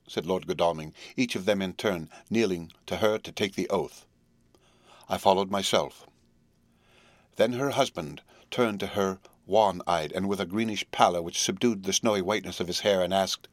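Man, audiobook narrator, measured solemn reading, low voice, dry studio sound. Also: no room sound. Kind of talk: scripted narration of a classic novel.

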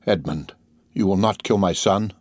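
A despairing noblewoman begs for mercy for her son, read by a man in his own low voice. Her words come out pleading and urgent. The audiobook sound is dry and close. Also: moderate pace, darkish tone, dry recording. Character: desperate pleading noblewoman, mother, middle-aged. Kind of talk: audiobook character reading.

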